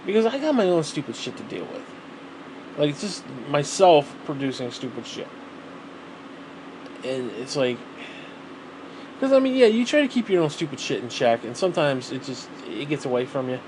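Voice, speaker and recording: A man's voice: on the high side, big pitch swings, moderate pace, long pauses, background noise. A man ranting alone in a vlog, rambling and exasperated, swearing constantly. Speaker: vlogger. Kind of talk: solo rant to camera.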